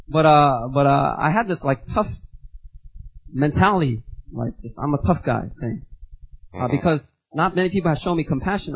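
A man's voice: fairly high pitch, dull audio, a little hiss or hum. A young man giving a sermon as a guest speaker, telling personal stories casually and acting out the voices in them. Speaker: guest preacher. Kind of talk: storytelling sermon.

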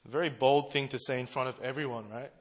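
A man preaching a casual, conversational sermon, chatty and quick to laugh at himself. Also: medium pitch, steady tone. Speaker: preacher, church treasurer.

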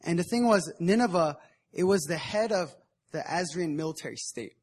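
A man's voice: fairly high pitch, lively intonation, fairly quick, breathy edge. A young man preaching at a prayer meeting in a casual, conversational way, retelling a Bible story in everyday slang. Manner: conversational, acts out Bible figures in modern slang. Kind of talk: casual sermon.

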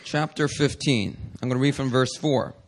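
A man preaching a sermon as pastor, reading scripture aloud and then putting rhetorical questions to his congregation. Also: medium pitch. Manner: slows for emphasis on key verses.

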